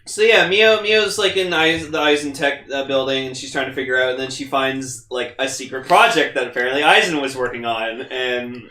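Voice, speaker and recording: A young man co-hosting a casual podcast, talking excitably and rambling, with frequent swearing. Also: medium pitch, normal speed, hardly any pauses, echoey room. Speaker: podcast co-host. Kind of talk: casual chat.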